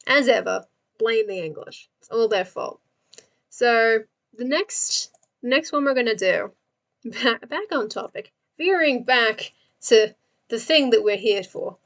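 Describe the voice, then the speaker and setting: This young Australian woman livestreams with a fairly high, animated, somewhat bright voice at a slow pace. She chats casually with her viewers while she works, answering them and giggling often.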